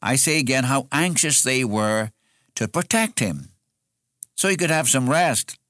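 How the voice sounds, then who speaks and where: A man's voice: mid-range voice, animated, measured pace, a bit bright, no echo, studio quality. A man preaching an expository sermon in an earnest way, repeating phrases for emphasis.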